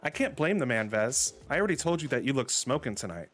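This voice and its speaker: A man voicing a sassy young woman out clubbing, in a high, gushing voice. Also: big pitch swings, fast talker, fairly bright tone, soft background music.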